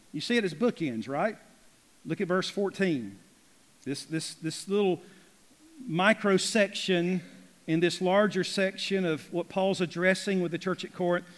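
A man preaching a folksy, emphatic sermon as pastor, rising to loud peaks and dropping to near whispers. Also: sits high, big-room sound. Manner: folksy, emphatic preaching with big swings in loudness. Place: church sanctuary.

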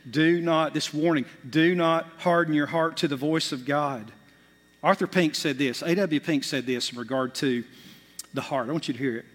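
A male pastor preaching a sermon, swinging between loud, urgent bursts and quiet, hushed asides. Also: on the high side. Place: church sanctuary. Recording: long reverb of a large hall.

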